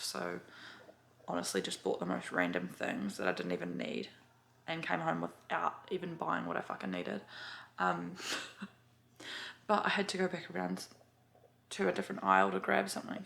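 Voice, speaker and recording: A woman's voice: fairly low pitch, vocal fry, fairly bright tone, a little hiss or hum. A woman chatting casually to camera, full of fillers and swearing as she tells a story. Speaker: vlogger.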